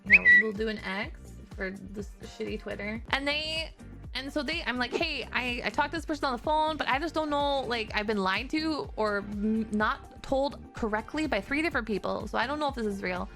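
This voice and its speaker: A woman streamer telling a story in a casual rant, animated and exasperated, swearing freely. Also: fairly high pitch, a little fast. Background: background music.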